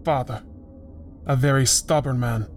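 A woman's voice: very deep voice, steady tone, unhurried, a little mellow, soft background music, voice pushed down. Woman doing a sullen Russian-accented fiancé. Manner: blunt, broken phrasing. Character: brooding Russian fiancé, young man, stubborn and smug.

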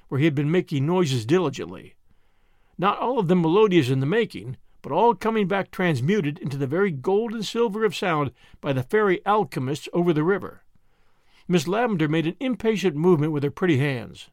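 Male audiobook narrator, high and animated, dry booth-like read. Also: a little fast, no room sound. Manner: expressive storytelling. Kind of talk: scripted narration.

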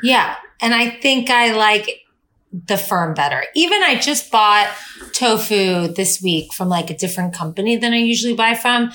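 A woman's voice: medium pitch, expressive, normal speed, bright, forceful tone. A woman co-hosting a podcast in casual chat, teasing and easygoing, saying "like" often. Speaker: podcast co-host.

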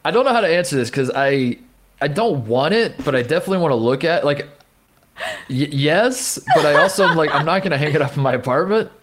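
A man's voice: a little high, animated, fairly quick, a little hiss or hum. A man from Indiana co-hosting a sports podcast, rambling and joking through casual chat and laughing often. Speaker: podcast co-host.

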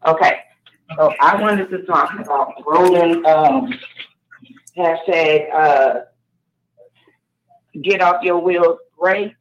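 Male caller, high voice, brash and chatty, muffled echoey phone line. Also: slow pace, pauses often. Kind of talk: casual call-in chat. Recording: dull echoey phone call.

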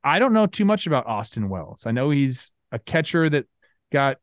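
A man co-hosting a baseball talk show, chatting in a relaxed, rambling way with plenty of filler words. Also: mid-range voice, moderate pace, no echo, clean studio sound. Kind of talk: casual sports talk.

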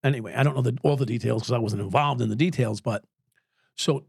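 A man's voice: medium pitch, fast talker, creaky, a little mellow, breathy edge, no room sound, studio quality. A man in his sixties, a former police officer, telling stories as a podcast guest, swearing freely and laughing at his own tales. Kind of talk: profane storytelling in an interview.

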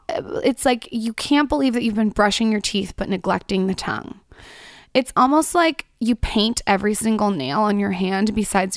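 A woman's voice: medium pitch, dry recording, clean studio sound. A young woman hosting a solo podcast, talking in a chatty, upbeat and frank way. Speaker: podcast host.

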